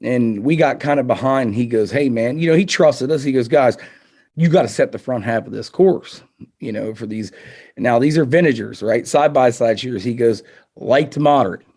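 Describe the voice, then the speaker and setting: A man, a target setter, telling a story in a relaxed, animated way and acting out quotes. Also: mid-range voice, moderate pace, breathy edge. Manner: animated, acts out quotes with laughs. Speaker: target setter, podcast guest. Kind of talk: casual storytelling.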